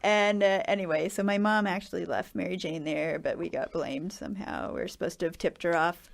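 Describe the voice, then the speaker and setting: Middle-aged woman host; rambling, laughing storyteller, relaxed chat. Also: lowish voice, brisk, vocal fry. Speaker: podcast host. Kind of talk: casual chat.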